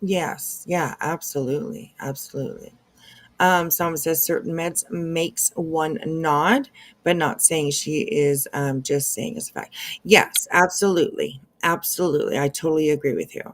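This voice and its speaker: A woman's voice: low-pitched, moderate pace. A woman hosting a casual commentary stream, chatty and agreeable, with many fillers and restarts. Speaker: commentary channel host.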